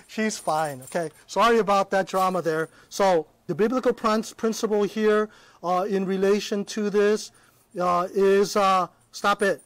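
Male Bible teacher with a high voice on a dry close mic, conversational preacher who keeps checking in. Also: a little slow, a bit bright, no echo. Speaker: Christian teacher. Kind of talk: live-streamed Bible teaching.

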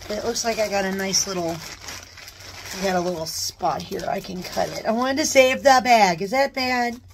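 A woman chatting casually as she unboxes a new purse, gushing with excited exclamations. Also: medium pitch, normal speed, slight background noise. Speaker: unboxing vlogger. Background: paper crinkling.

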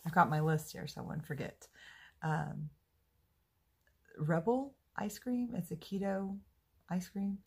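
A woman with a low, gravelly voice chats to the camera in an easygoing diary vlog. She speaks slowly and sounds husky and rough-edged. Her tone is upbeat and self-deprecating. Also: darkish tone. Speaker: vlogger.

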